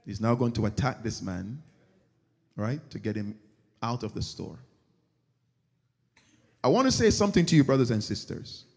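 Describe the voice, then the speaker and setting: A man's voice: medium pitch, moderate pace, vocal fry, long pauses, slightly rough. A man preaching a sermon as pastor, telling stories and acting out their characters. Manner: animated storytelling, acting out characters. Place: church sanctuary. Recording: long church reverb.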